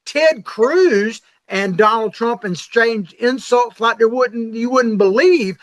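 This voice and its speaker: A man's voice: extremely high pitch, slow pace. A man co-hosting a podcast, telling stories about politics in an emphatic, insistent way. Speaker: podcast co-host. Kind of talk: casual political chat.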